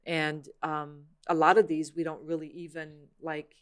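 A woman's voice: low voice, little pitch movement, measured pace. A woman hosting a casual faith-based podcast chat, talking in an earnest, reflective way with many "you know" fillers. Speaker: podcast host.

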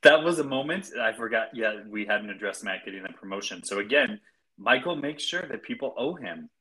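A podcast co-host in casual chat about a TV episode, talking in a lively, animated way. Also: medium pitch, brisk, rough recording.

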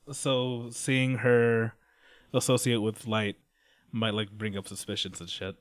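A man's voice: lowish voice, flat delivery, a little slow. A man casually recapping a story, rambling, swearing and laughing along. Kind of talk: casual chat.

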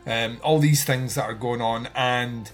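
A man's voice: mid-range voice, fairly even intonation, unhurried. A man co-hosting a casual film podcast, rambling with lots of fillers and swearing, often laughing. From outside the United States. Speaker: podcast co-host. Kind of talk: casual film review chat.

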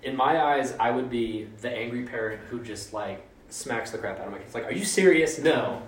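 A man's voice: medium pitch, normal speed, slight background noise. A man giving a casual, conversational sermon, informal and joking, with mock voices for quotes. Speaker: preacher. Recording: roomy echo, mic at a distance.

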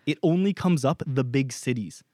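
A man's voice: mid-range voice, normal speed, no room sound, studio quality. A young man from Canada co-hosting a podcast, telling a story in a loose, profane way and acting out what others said. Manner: animated, profane, acts out quoted exchanges. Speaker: podcast co-host.

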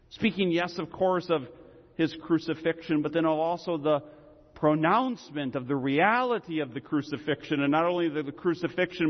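A man preaching a sermon as pastor, with emphatic delivery and deliberate dramatic pauses. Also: a little high, big-room sound, dull audio.

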